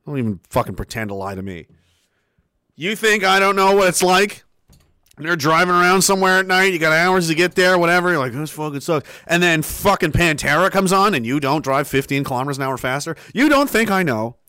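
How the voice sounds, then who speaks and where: A man's voice: high-pitched, fairly quick, pushed and bright, clean tone, no echo, clean studio sound. A young man, hosting a casual livestream, reading chat messages aloud and talking in a rambling, profane way.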